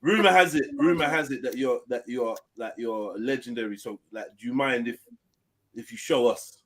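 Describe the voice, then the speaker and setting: A man hosting a casual online panel, teasing guests and joking with lively banter. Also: medium pitch, normal speed. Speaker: panel host. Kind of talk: casual chat. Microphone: online call mic.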